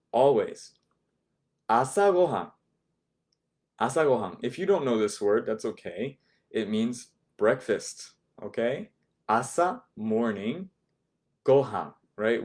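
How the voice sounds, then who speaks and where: A man teaching an online language class from home, slowly and patiently repeating each word for his learners. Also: on the low side, darkish tone.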